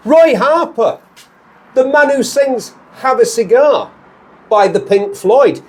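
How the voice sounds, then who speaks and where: A man's voice: very high-pitched, animated, darkish tone, breathy edge. A man with a Lancashire accent hosting a car show, chatting and joking in a moving car. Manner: jokey, rambling, quick to laugh. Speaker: host. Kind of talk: casual banter in a car.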